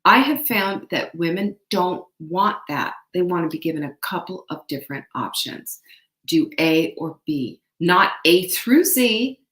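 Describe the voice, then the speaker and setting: A woman's voice: on the low side, animated, measured pace, a bit bright. A middle-aged woman hosting a motivational talk, chatty and often putting questions to her audience. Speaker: host. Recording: echoey room.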